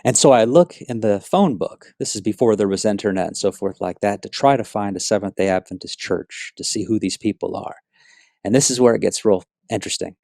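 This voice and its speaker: Earnest low-voiced man telling his testimony. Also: fairly quick, vocal fry, no echo, clean studio sound. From South Florida, USA. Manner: earnest, animated storytelling with many asides. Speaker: speaker giving a personal testimony. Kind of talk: personal testimony storytelling.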